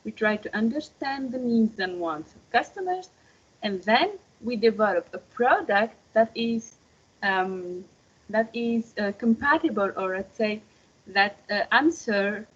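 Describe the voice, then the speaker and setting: Husky-voiced woman teaching an online class. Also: medium pitch, animated, takes it slowly. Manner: patient, explanatory, checks in with "okay?". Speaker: marketing teacher. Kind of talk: online lecture. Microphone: video call. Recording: muffled lo-fi call audio.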